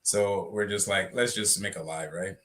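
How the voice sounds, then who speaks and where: A man's voice: low-pitched, steady tone, normal speed, fairly bright tone. A man co-hosting a casual livestream, chatty and loose, often breaking into laughter. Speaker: livestream co-host.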